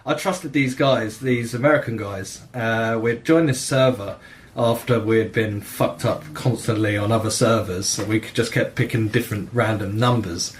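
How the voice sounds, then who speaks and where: A man hosting a gaming podcast, telling game stories in a sweary, animated way and acting out the dialogue. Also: on the low side, normal speed, a little hiss or hum. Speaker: podcast host. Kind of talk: casual gaming chat.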